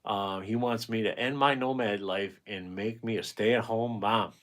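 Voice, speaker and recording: A man in his forties with a somewhat low voice, chatting casually on a livestream. He reads viewer comments out loud and answers them with frank, rambling advice. He swears freely and often breaks off mid-thought to start over. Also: steady tone, unhurried. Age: 40s. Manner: blunt, rambling, swears freely, self-interrupting; gives frank dating advice to viewers by name. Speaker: painting livestream host.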